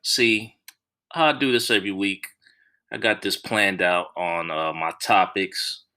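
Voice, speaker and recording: A man's voice: low-pitched, unhurried, bright, forceful tone. A man hosting a solo podcast, talking in a blunt, profane, casual way with many restarts. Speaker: podcast host.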